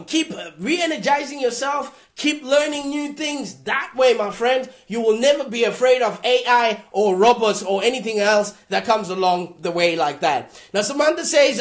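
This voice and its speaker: A woman with a high voice hosts a live Q&A advice show. She speaks bluntly and with force, often pushing her voice close to a shout. She keeps checking in with her listeners. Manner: blunt, emphatic, often raising voice to a near shout; keeps checking in with "all right?". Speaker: host.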